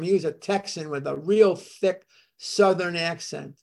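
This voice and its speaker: Slow, deliberate older storyteller. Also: medium pitch, darkish tone. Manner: slow, deliberate, recounting dates and names. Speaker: speaker at a recovery fellowship gathering. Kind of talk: storytelling history talk.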